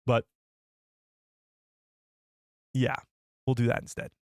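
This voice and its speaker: Guy rambling on a live stream, mid pitch, dry close mic, keeps tripping over his words. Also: monotone, fairly quick, dry recording. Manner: chatty, rambling, self-correcting. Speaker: host of a live show. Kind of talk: casual live-stream commentary.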